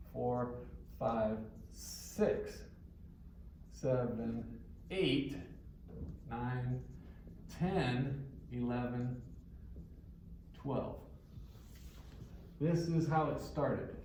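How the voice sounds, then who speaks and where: A male guitar instructor giving a classroom lesson, counting beats aloud and explaining with questions. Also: a little high. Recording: echoey room with faint ambient noise.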